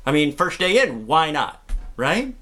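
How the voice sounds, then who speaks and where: A man's voice: a little high, unhurried. Upbeat joking man telling stories. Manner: upbeat, joking, animated storyteller. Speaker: singer-songwriter and cancer survivor speaker. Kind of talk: singing then storytelling talk.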